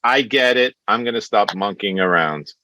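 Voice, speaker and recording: A man's voice: fairly low pitch, normal speed, a crowd in the background. A man in his sixties with a thick Brooklyn accent, telling stand-up one-liners over a video call and chuckling at his own jokes. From New York. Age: 60s. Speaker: stand-up comic. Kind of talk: stand-up set. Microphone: computer mic on video call.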